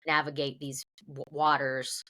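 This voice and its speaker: Southern-raised actress guest, low voice, earnest and reflective. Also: female voice, flat delivery, a little slow, pushed and bright. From American South. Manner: earnest, reflective, many "you know" fillers. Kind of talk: casual interview chat.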